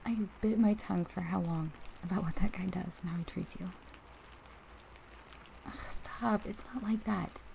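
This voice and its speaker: A woman's voice: fairly low pitch, moderate pace, vocal fry, pauses often, warm tone, slight background noise, poor audio. A young woman voicing a protective best friend in a whispered role-play, swinging between heated and tender as she speaks straight to the listener. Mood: gentle, comforting. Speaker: ASMR role-play performer.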